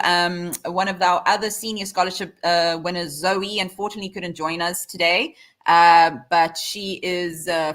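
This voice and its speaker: A woman's voice: lowish voice, a bit bright. A middle-aged South African woman hosting a live online panel over a video call, chatty, with many fillers. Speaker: host.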